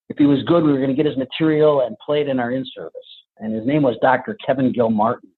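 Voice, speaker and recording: A man, a police trainer and podcast guest, telling stories in a lively, conversational way. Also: mid-range voice. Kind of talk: storytelling interview answers. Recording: tinny phone-like line.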